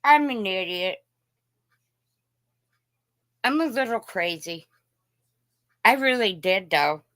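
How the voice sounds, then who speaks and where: A woman's voice: mid-range voice, animated, takes it slowly, fairly bright tone, dry recording. A woman from Indiana hosting a casual live chat, greeting viewers by name in a folksy way. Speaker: live stream host.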